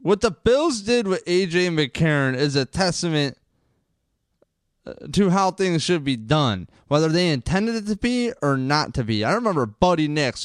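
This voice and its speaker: A man rants casually into a close microphone, rambling and then getting fired up and cursing. His voice is smooth and clear, and the recording sounds dry and close with no room echo. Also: fairly high pitch, very animated, moderate pace. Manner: rambling, gets fired up and swears. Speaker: podcast host. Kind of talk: casual sports rant.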